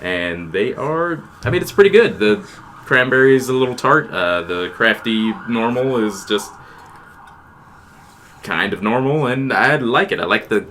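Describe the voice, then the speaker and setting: Man, podcast co-host, bright voice, very lively pitch, giggly. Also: slight background noise. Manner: giggly, animated, quick to laugh. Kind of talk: casual chat.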